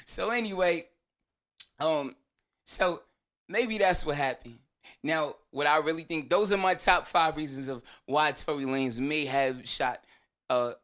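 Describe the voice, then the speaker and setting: Profane, animated man telling stories. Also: on the high side. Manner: profane, animated storytelling with slang. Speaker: show host. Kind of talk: casual monologue commentary.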